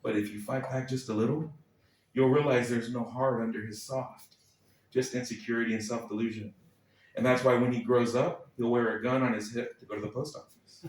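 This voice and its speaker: A man's voice: medium pitch, fairly even intonation, a little fast. Wry man reading in an echoey room. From Texas, United States. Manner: wry, sardonic delivery with dry asides. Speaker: spoken-word performer. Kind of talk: reading a personal essay aloud at a live club night. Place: small club stage, live reading. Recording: echoey room, voice a little far from the mic.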